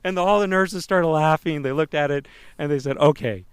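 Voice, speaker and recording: A man co-hosting a podcast, telling a lively personal anecdote in a casual way. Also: fairly high pitch, fairly quick, smooth, no echo. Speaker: podcast co-host telling a story. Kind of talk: casual storytelling.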